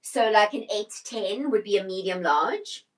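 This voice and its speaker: A woman's voice: mid-range voice, expressive, measured pace, rough recording. Chatty woman stylist on a live stream. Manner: chatty, answers viewer comments, trails off and restarts mid-sentence. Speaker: personal stylist hosting a live shopping stream. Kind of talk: casual live-stream chat with viewers.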